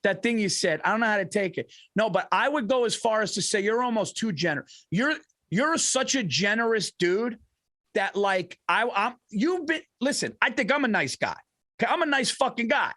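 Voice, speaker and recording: A man co-hosting a comedy podcast, telling stories in an animated, profane way and laughing often. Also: sits high, moderate pace, no room sound, clean studio sound. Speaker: podcast co-host. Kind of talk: casual comedic chat.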